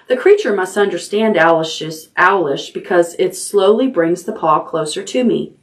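A woman librarian reading a chapter book aloud at bedtime, unhurried and expressive. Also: fairly low pitch, distant mic.

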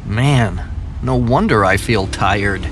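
A man's voice: fairly low pitch, takes it slowly, fairly bright tone, slight background noise. An actor playing a tired, exasperated man in a textbook listening dialogue. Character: tired man at work and on a drive.

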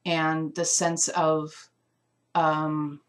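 A woman's voice: sits low, little pitch movement, drawn-out words. A woman giving a live intuitive reading of an essential oil, musing aloud and searching for words with frequent fillers. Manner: emotional, close to tears.

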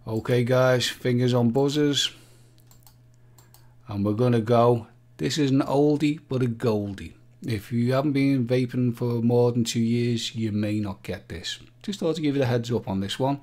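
A man's voice: mid-range voice, normal speed, darkish tone. A man hosting a live-stream quiz, chatting playfully and joking with the viewers. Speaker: livestream quiz host.

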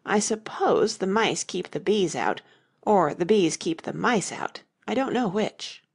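A woman's voice: mid-range voice, lively intonation, unhurried, gravelly, slightly rough, exaggerated voice. A woman voicing a fussy, earnest old male knight inventor in an audiobook reading. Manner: earnest, anxious, solemn.

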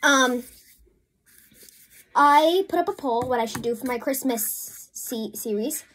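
High-voiced, chatty, flustered woman vlogger. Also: slow pace, fairly bright tone, faint music behind. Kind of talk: casual crafting vlog. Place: home, indoors at a work table.

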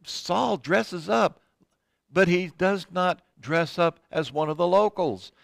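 A man's voice: sits high, slow, gravelly, dry recording, clean studio sound. Older man teaching a Bible study. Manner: conversational, reads scripture aloud and comments, frequent ums and restarts.

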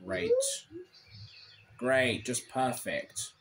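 A man commenting live on his own gameplay, irritable and grumbling, with sudden shouted complaints. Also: medium pitch, wildly swooping pitch, drawn-out words, heavy background noise. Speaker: gaming channel host.

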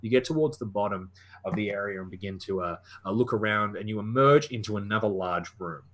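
A man runs a tabletop horror game as its narrator. His voice sits fairly low, and he often pauses and fills gaps with fillers as he describes the scene. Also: fairly bright tone. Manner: hesitant, many fillers. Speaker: game master.

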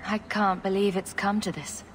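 An actress playing a resolute woman hero in a game, speaking in a calm, reassuring way. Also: medium pitch, normal speed, natural voice. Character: resolute woman hero leading her companions.

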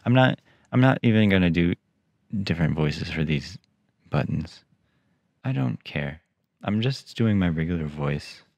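A man reading a children's story aloud and breaking in with sarcastic, deadpan asides. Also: deep voice, measured pace, vocal fry, pauses often. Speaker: reader and host. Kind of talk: audiobook reading with sarcastic commentary.

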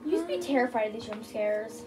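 A young woman co-playing a game, excitable and teasing, often squealing. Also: fairly high pitch, fast talker. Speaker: co-player. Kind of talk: casual let's-play chat.

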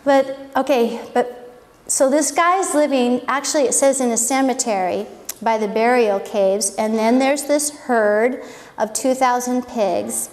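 A woman's voice: on the high side, a little slow, a little mellow. A woman giving an informal Bible lesson, chatty and wondering aloud. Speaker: Bible teacher. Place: church hall. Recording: echoey hall with long reverb.

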